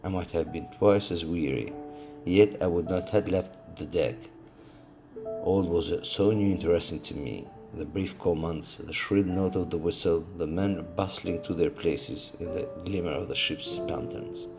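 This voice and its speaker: A man reading a classic adventure novel aloud, steady but with occasional slips and restarts. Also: low voice. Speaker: audiobook reader.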